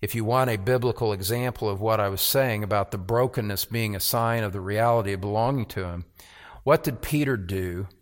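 A man's voice: fairly low pitch, a little fast. A man preaching a sermon as pastor, earnest, with repeated words and rhetorical questions.

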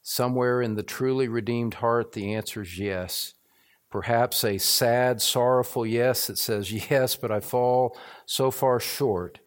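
A man's voice: medium pitch, fairly even intonation, unhurried. A middle-aged man preaching a sermon as pastor, earnest and building to fervent, repetitive emphasis.

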